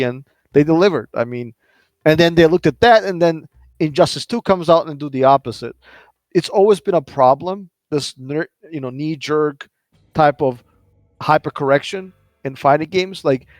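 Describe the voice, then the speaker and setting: A man's voice: a little high, no room sound. A man on a casual gaming podcast who explains his points at length, filling them with "like" and "right?". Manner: measured, explaining, many fillers.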